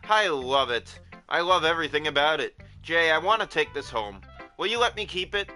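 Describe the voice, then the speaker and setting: A man reading aloud the lines of a shy, obsessive young woman from a visual novel, halting and clingy. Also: fairly high pitch, animated, pushed and bright, soft background music.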